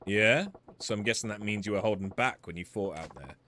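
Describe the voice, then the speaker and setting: A man's voice: on the low side, a little fast, sharp tone, slight background noise, pitched below the performer's own voice. A man voicing a brash, cocky street tough in a video game, with coarse slang. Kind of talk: reading game dialogue aloud.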